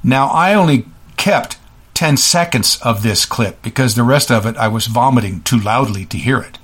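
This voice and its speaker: A man hosting a political commentary show, ranting scornfully in quick bursts with frequent restarts. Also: mid-range voice, animated, fairly bright tone, breathy edge. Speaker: host.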